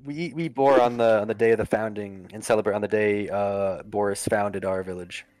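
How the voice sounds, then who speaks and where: A man's voice: fairly low pitch, fairly even intonation, brisk, darkish tone, no echo, soft background music. A man running a tabletop game as game master, narrating casually with lots of fillers and restarts. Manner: rambling, many fillers and restarts.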